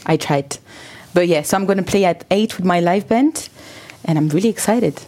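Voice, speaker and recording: A woman musician talking casually in an interview in English, a second language for her, often pausing to search for words. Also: on the low side, a little mellow. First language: not English. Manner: searching for words, frequent fillers. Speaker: musician guest.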